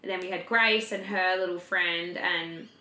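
A woman's voice: on the low side, steady tone, moderate pace, sharp tone. A young woman, casually telling a story as a podcast co-host, full of fillers and swearing. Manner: chatty, filler-heavy, swears freely. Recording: roomy echo.

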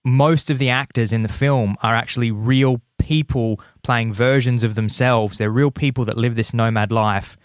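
A man hosts a casual podcast and talks about films with a co-host. He is playful and enthusiastic and likes to build lists by repeating the same phrase. His voice sits at an ordinary pitch, close to the mic, with a dry sound. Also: steady tone, moderate pace, hardly any pauses, no echo. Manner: enthusiastic, repetitive listing, playful. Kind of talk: casual chat.

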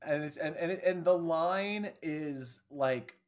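Chatty mid-pitched podcast co-host. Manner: chatty, quick reactions and commentary. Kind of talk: casual chat.

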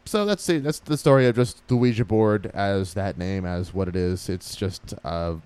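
A man hosting a podcast in a casual, animated and chatty way. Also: lowish voice, normal speed, clear, resonant tone. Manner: animated, chatty, frequent fillers. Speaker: podcast host.

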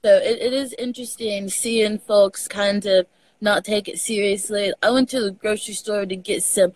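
On a casual video call, a guest from Texas spins animated stories between bursts of laughter. Her Southern-accented voice is medium in pitch and moves at a normal speed, captured in a dry recording.

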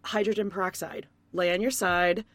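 A woman's voice: mid-range voice, steady tone, normal speed, fairly bright tone, no echo. A woman co-hosting a casual TV recap podcast, chatting with dry, joking asides. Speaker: podcast co-host.

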